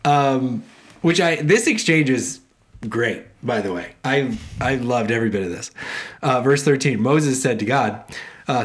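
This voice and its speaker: A man co-hosting a casual talk show, reading scripture passages aloud and then riffing on them with playful, animated asides. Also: medium pitch, unhurried. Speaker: podcast co-host reading scripture. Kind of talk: casual chat.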